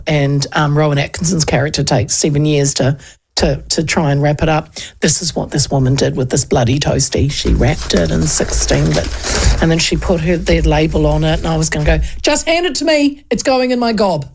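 A woman radio host with a New Zealand accent, chatting and telling a funny story, acting out the people in it. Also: low voice. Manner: chatty storyteller, acts out quoted voices. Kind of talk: casual chat and anecdote.

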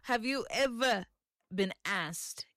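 A woman's voice: fairly high pitch, lively intonation, takes it slowly, a bit bright, no echo, clean studio sound. A woman co-hosting a faith-based morning radio show, playful and teasing in her banter. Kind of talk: casual radio chat.

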